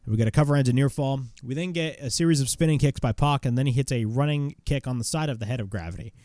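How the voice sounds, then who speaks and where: A man's voice: medium pitch, fast talker, mellow, no echo, clean studio sound. Blunt, swearing man recapping wrestling. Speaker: wrestling show reviewer. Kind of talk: casual recap and commentary.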